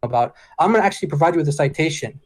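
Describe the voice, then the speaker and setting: A man arguing in a debate, combative and quick to cite sources. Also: on the high side, expressive. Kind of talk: debate argument.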